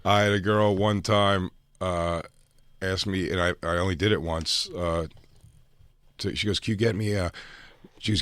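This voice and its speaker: Low-voiced man telling crude stories. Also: moderate pace, long pauses, no echo. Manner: jumps loud and high when quoting himself. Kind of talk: crude anecdotal storytelling. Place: radio studio.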